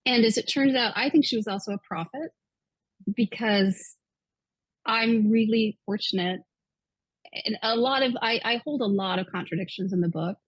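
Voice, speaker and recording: A woman's voice: fairly high pitch, moderate pace, breathy edge, no room sound, rough recording. A woman in her fifties, a guest author, earnestly retelling a personal story with quoted dialogue. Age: 50s.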